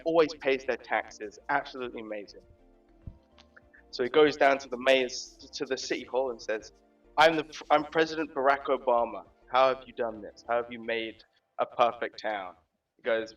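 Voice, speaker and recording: A man in an online game telling a long shaggy-dog joke in a rambling, deadpan way. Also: medium pitch. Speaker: player. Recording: distant, dull voice-chat audio.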